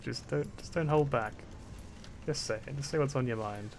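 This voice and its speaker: A man's voice: medium pitch, normal speed, vocal fry. A young man from Britain, streaming and chatting casually, rambling and repeating words, with frequent laughs. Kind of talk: casual chat.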